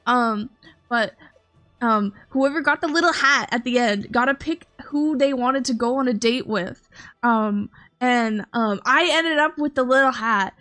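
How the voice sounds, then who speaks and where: Rambling woman streamer, slightly high voice. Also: a little slow, sharp tone, faint music behind. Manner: rambling, full of "um"s and restarts, laughing often. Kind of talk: casual storytelling chat.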